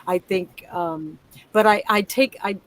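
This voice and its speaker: A woman's voice: mid-range voice, unhurried, rough recording. A woman sharing a personal memory in a reflective, rambling way on a group video call. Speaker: guest.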